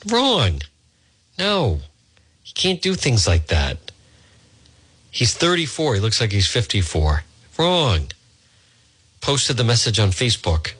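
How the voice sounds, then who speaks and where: A man's voice: on the low side, very animated, a little slow, pauses often, a bit bright, husky. A man hosting a talk radio show, blunt and sarcastic, heckling the news he reads. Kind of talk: opinionated radio commentary.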